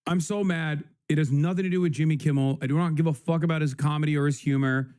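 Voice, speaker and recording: Angry high-voiced guy ranting on stream, lots of cursing. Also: steady tone, quick pace, darkish tone. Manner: angry, profane, emphatic. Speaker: live streamer.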